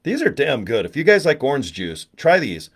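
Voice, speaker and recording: His mid-range voice is husky, with wildly swooping pitch at a normal speed. Hosting a laid-back live stream to promote products, he jokes and rambles, mocks himself, and calls out viewers in the chat by name.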